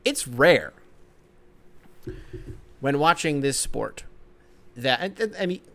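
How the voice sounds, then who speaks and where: A young man hosting his own solo sports podcast, rambling and swearing, jumping between excited outbursts and low grumbling. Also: slow pace. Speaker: podcast host.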